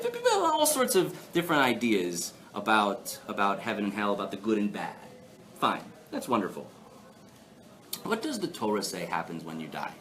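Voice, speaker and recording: Animated man teaching a lively class. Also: medium pitch, a little hiss or hum. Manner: animated, joking, throws questions at the audience. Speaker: rabbi teaching a weekly class. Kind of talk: lively informal Torah lecture. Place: class before a live audience.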